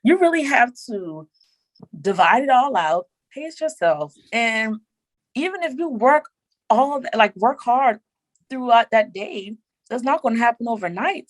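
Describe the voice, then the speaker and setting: A woman talking as a podcast guest in casual chat, animated and emphatic, repeating her words for emphasis. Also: fairly high pitch, measured pace, dry recording, low-quality recording.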